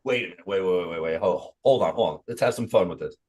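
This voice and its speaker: Low-voiced and fast, a man co-hosts a podcast with loose, animated chat. Heavy swearing runs through it, and he often switches to mock voices.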